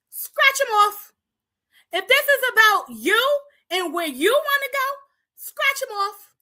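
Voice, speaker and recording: Woman host from Paterson, New Jersey, impassioned preacher-style address to the community, bright and sharp voice. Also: very high-pitched. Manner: preachy call-and-response, rallying the audience; talks straight to the viewers, repeating lines for emphasis. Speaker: host of a community talk show.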